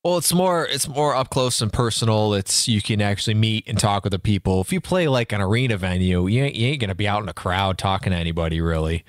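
A man hosting a casual interview, often chiming in with quick agreement. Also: on the low side, expressive, dry recording, clean studio sound. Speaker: show host. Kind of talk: casual chat.

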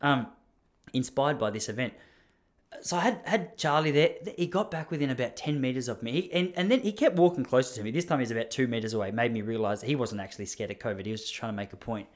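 A man's voice: mid-range voice, fast talker. An Australian man in his thirties, telling a casual story in a rambling, self-deprecating way with many asides. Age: 30s.

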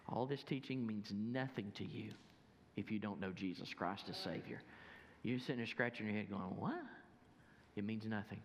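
A man preaching a sermon as a pastor, emphatic and urging, dropping to a hush for prayer. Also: fairly low pitch, normal speed, long reverb tail, highs cut off, a little hiss or hum. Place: church sanctuary.

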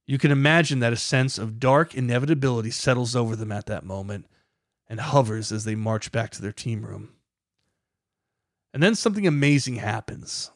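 A man's voice: medium pitch, normal speed, dry recording, studio quality. A man hosting a podcast, reading scripted documentary narration with a dramatic, building emphasis. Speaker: podcast host.

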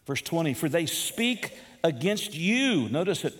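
A man's voice: high-pitched, sing-song, normal speed, hardly any pauses, long reverb tail. A man preaching a sermon as pastor, posing rhetorical questions to his listeners and building emphasis as he goes.

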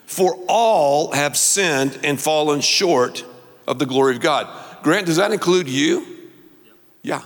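A man preaching with lively, animated delivery and a somewhat high voice. He draws the congregation into call-and-response. His words ring out with a long hall reverb behind them. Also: moderate pace. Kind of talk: sermon.

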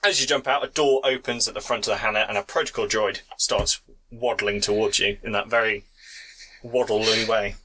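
A man narrating a tabletop role-playing game as game master, relaxed and chatty with fillers. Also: on the low side, moderate pace, background noise.

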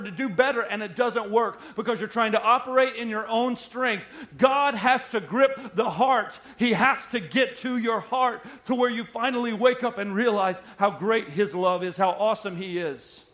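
High-voiced man preaching a sermon. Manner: preaching, swings from soft and slow to loud. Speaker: pastor.

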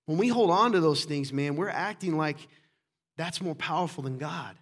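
A man's voice: on the high side, moderate pace. Passionate man preaching a sermon. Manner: passionate, emphatic preaching with sudden loud bursts. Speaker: pastor.

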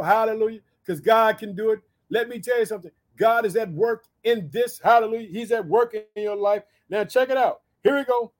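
A man's voice: high voice, a little fast, hardly any pauses. A male preacher teaching from the Bible in a sermon, exhorting his listeners with frequent rhetorical questions and bursts of interjection. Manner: punctuates with interjections.

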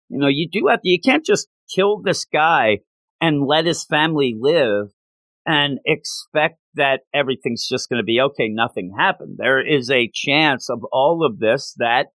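A man gives a casual, rambling recap of a comic book story, clearly excited about it. His voice sits at an ordinary middle pitch. The recording is close and dry, with no room sound. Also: normal speed, no echo, poor audio. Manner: enthusiastic, rambling retelling.

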